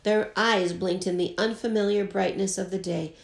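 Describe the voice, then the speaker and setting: Teacher reading a chapter book aloud to her class, expressive storytelling. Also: mid-range voice, moderate pace, creaky. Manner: expressive, lightly voices the characters. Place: at home.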